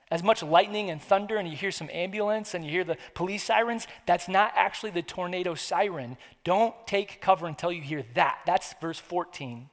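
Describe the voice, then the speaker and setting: A man preaching a sermon, his voice sitting high for a man. He talks earnestly and conversationally, circling back to repeat phrases for weight. The sound carries a long hall reverb. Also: brisk, fairly bright tone. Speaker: pastor.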